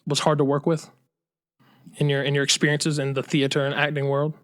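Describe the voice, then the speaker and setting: A man's voice: a little high, monotone, a little fast, a bit bright. A young man co-hosting a comedy podcast, teasing and laughing, with frequent swearing. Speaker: podcast co-host. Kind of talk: casual comedy chat.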